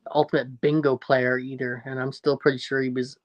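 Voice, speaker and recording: A man's voice: medium pitch, flat delivery, brisk, muffled recording. Newfoundland guy on a chill livestream, reading comments, rambly and jokey, laughs a lot. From Newfoundland, Canada. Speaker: livestream host. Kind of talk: casual livestream chat, reading viewer comments aloud.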